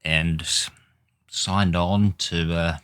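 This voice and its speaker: A man with a low, deep voice talks through a football management game in an unhurried drawl. He grumbles, swears and mutters at his team in exasperation. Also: fairly even intonation, fairly bright tone, clean tone. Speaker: gaming YouTuber. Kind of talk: casual gameplay commentary.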